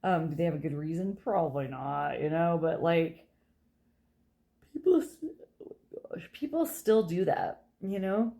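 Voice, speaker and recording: A woman's voice: low voice, expressive, measured pace, vocal fry, long pauses, dark tone. A woman giving a chatty pick-a-card tarot reading, tired and yawning, joking at her own slips and laughing often. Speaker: tarot reader.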